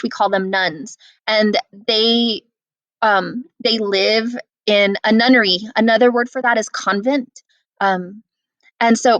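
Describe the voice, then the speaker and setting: A woman's voice: a little high, a bit bright, no room sound. A woman teacher guiding students through a play in a casual, explanatory way, with frequent "um" and "like". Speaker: English teacher. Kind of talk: guided reading lesson.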